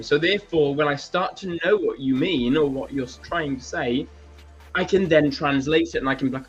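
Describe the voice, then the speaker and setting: A man telling travel stories in a casual live-stream chat, lively and quick to laugh. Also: on the high side, husky, muffled recording, faint music behind. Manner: animated storyteller, laughs often. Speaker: co-host. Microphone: video call or stream setup.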